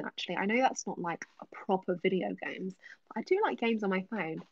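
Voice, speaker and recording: A woman's voice: medium pitch, moderate pace, husky, no echo, lo-fi sound. A woman answering viewers' questions on a casual live stream, chatty with many ums and slipping into whispers. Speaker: ASMR creator answering live chat.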